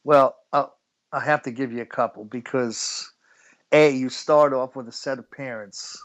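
A man's voice: medium pitch, steady tone, moderate pace, poor audio. A middle-aged man from the United States telling stories as an interview guest, chatty and laughing often. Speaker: guest musician. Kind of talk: relaxed storytelling interview.

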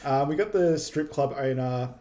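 A man co-hosting a casual movie recap podcast, retelling scenes in a loose, relaxed way with many fillers. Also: medium pitch, moderate pace, crowd noise. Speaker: podcast co-host.

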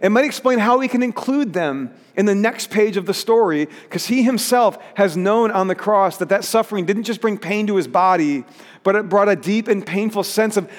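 A man's voice: high-pitched, moderate pace, in a large hall. A pastor preaching a sermon in an earnest way, rising to emphatic peaks as he reads scripture.

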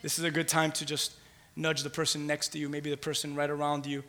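A passionate pastor preaches in a bright, forceful, slightly high voice that is monotone and brisk. He sinks to near-hushed intimacy, then builds into loud, rhythmic calls, repeating phrases and urging the congregation to answer back.

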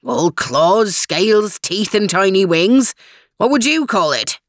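A woman's voice: medium pitch, sing-song, takes it slowly, dry recording, clean studio sound. A woman voicing a fierce, solemn dog.

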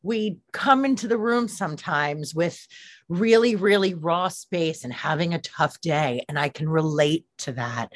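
A woman giving a grateful, gentle share at an online support meeting. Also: deep voice, no room sound. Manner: warm-hearted, grateful, gentle. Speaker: meeting member sharing. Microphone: video call.

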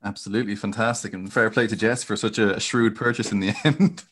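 A man hosting a podcast interview, asking questions and chiming in with quick, friendly interjections. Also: lowish voice, steady tone, a bit bright, breathy edge. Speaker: podcast host.

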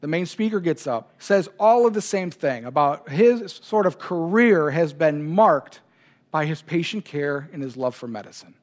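A man's voice: a little high, expressive, moderate pace, darkish tone. A man preaching a sermon as pastor, telling a personal story with emotion. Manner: personal, emotional anecdote told to a congregation.

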